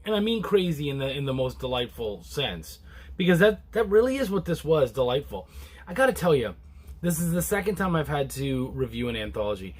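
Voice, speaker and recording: A man reviewing a comic book in a casual, relaxed chat to camera, rambling with many restarts and fillers. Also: a little fast, husky. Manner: relaxed and low-key.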